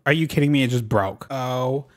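A man's voice: medium pitch, moderate pace, darkish tone. A sassy young man giving casual, profane commentary while playing a life-sim game. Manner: sassy, profane, reads villager lines aloud. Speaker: gaming vlogger.

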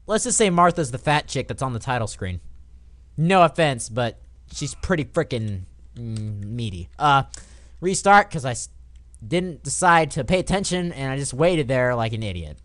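Young dude doing a lets play, swears and yells at the game a lot, pitch jumps all over, dry sound. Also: male voice, very animated, normal speed, no room sound. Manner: swears and yells at the game, then goes quiet. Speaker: gamer. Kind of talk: casual let's play commentary.

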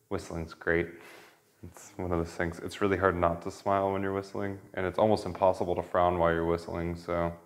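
Guy leading a yoga class, kinda low voice, calm easygoing cues, laughs a bit here and there. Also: normal speed, pauses often, a little hiss or hum. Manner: relaxed, gentle instruction with light laughter. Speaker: yoga teacher. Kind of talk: guided kundalini yoga class.

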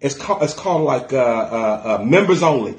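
A middle-aged man preaching a sermon as pastor, plain-spoken and colloquial, getting excited and breaking into bits of gospel song. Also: medium pitch, normal speed, echoey room. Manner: excitable, shouts and sings snatches of gospel songs.

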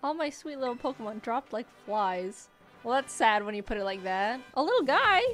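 A young woman in her twenties casually commenting while playing a video game, often jumping high when excited. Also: moderate pace. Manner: excitable, squeals high at cute creatures. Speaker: gaming YouTuber. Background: faint game music.

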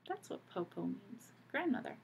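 A woman teacher reading a picture book aloud to children, pausing gently to ask them questions. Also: medium pitch, very animated, creaky, slightly rough.

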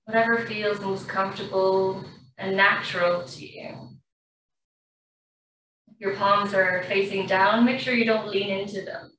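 A woman, a yoga instructor calmly guiding a class through slow breathing in a studio. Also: medium pitch. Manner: slow, calm, even-toned guidance. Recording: very echoey room, far from mic, faint noise.

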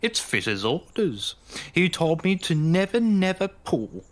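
A man's voice: on the high side, very animated, a little slow, voice pushed up. A man voicing a bossy, haughty female diesel railcar in a storybook reading, imperious and scolding.

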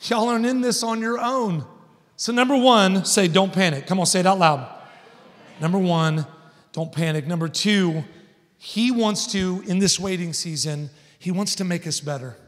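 Guy preaching in a big church, kinda high voice, long echo off the walls, tells stories then gets loud. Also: moderate pace. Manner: storytelling, builds to loud emphatic points. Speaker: guest preacher. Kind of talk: sermon. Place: large church hall. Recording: long church hall reverb.

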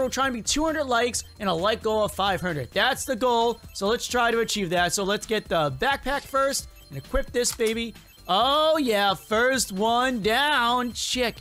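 A young man hosting a gaming video, giving excited play-by-play commentary and crooning over every good pickup. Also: sits high. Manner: hyped, croons "oh yeah, baby" at loot.

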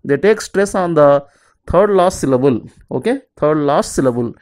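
A teacher, giving an exam-prep lesson and repeating word lists slowly, with each example word said lower. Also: lively intonation, a little mellow. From southern India. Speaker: English teacher.

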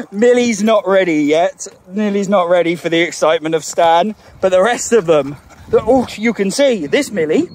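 A professional dog walker from Glasgow, Scotland, narrates a casual outdoor vlog in the fields with her Glaswegian accent, now and then slipping into high, sing-song baby talk for the dogs. Her tone is darkish, with slight background noise behind her.

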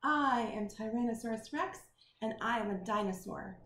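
A woman reading a picture book aloud in the voice of a gentle, puzzled young male T. rex, speaking slowly and deliberately. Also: a little high, close to an everyday voice. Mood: wondering. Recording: roomy with faint noise.

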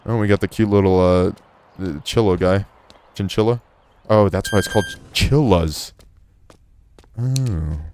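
A man's voice: on the low side, a little slow, long pauses, a little mellow, slight background noise. A man commentating a horror game he is playing, cursing often, joking and easily startled. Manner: profane, jumpy and joking. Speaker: gaming YouTuber.

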